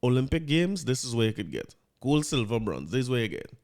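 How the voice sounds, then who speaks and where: A Trinidadian man talks on his own podcast in a loose, rambling way. He keeps restarting his sentences and drifts easily into local dialect. His voice sits at an ordinary middle pitch. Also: big pitch swings, brisk, darkish tone. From Trinidad and Tobago. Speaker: podcast host. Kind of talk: casual monologue.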